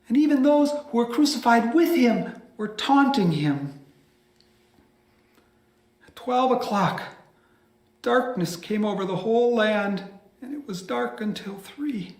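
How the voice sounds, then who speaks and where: A pastor tells a scripture story from memory in a high, expressive man's voice. He builds the drama and sinks some lines into a hushed whisper. The sound carries the echo of a church room. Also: unhurried. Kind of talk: by-heart biblical storytelling.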